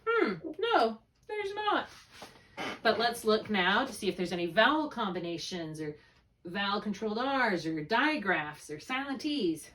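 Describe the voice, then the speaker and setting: A woman's voice: mid-range voice, big pitch swings, measured pace, fairly bright tone, distant mic. A woman tutoring one student in spelling, patiently thinking aloud through each step. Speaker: reading tutor.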